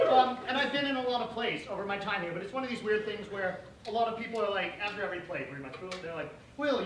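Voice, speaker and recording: A young man telling a comic story on stage in a casual, profane way, laughing often. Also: high voice. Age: young adult. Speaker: student performer. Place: auditorium stage with an audience. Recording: echoey hall, distant mic, noise.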